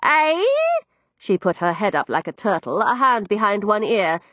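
A woman narrates a first-person tale with wry, expressive storytelling. Her voice swings animatedly with a soft, breathy grain, recorded dry and close to the mic. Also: medium pitch, normal speed, no room sound. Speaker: audiobook narrator.

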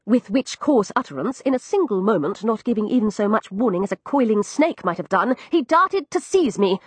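A woman narrating a first-person audiobook in an expressive, crisp storytelling manner. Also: medium pitch, normal speed, no echo.

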